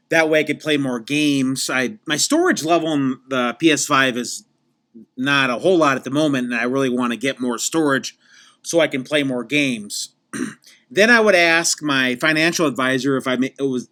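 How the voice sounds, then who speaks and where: A man's voice: mid-range voice, moderate pace, bright, forceful tone, lightly acted. A man playing a pompous podcast guest who rambles and keeps restarting his sentences in a comedic interview. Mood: rambling. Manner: rambling, repeats himself, many restarts. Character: rambling self-important male podcast guest, adult.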